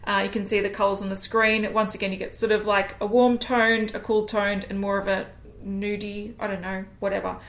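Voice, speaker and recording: A woman's voice: medium pitch, little pitch movement, brisk, a bit bright. A woman co-hosting a casual makeup chat, frank and chatty with many ums. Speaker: beauty co-host. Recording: roomy echo.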